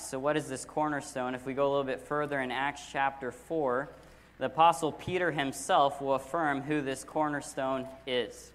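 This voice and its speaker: A man's voice: mid-range voice, steady tone, normal speed, fairly bright tone. Earnest male pastor preaching in a hall. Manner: earnest, emphatic preaching with stressed key words. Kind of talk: sermon. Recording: long hall reverb.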